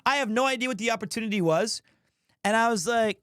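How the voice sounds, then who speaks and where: A man's voice: very high-pitched, quick pace, fairly bright tone, smooth, no room sound, studio quality. A man streaming, telling a funny story in a rambling, self-mocking way. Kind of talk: casual storytelling.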